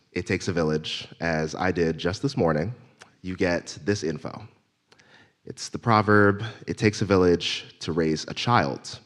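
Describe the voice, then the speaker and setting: A man delivering the Sunday message at church in a relaxed, self-deprecating way, improvising with gentle humor. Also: sits low. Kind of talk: informal sermon. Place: church sanctuary.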